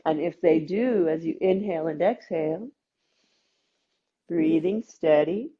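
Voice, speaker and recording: A woman teaching a gentle yoga class, calmly cueing breaths and movements with playful asides. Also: sits low, a little slow, husky, highs cut off. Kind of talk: guided yoga class instruction.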